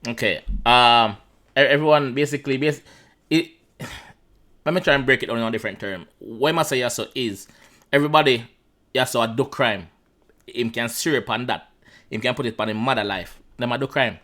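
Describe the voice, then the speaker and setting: A man's voice: medium pitch, moderate pace, sharp tone. Jamaican guy breaking down songs in patois. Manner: chatty, repeats himself, mixes in patois. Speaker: reaction channel host. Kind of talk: casual song breakdown.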